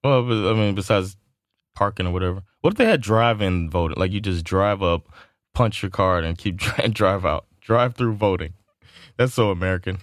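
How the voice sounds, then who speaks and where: A man with a lowish voice talks loosely in a casual podcast chat, rambling and quick to laugh or swear. The sound is dry and close, with no room around it. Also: dry recording. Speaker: podcast co-host.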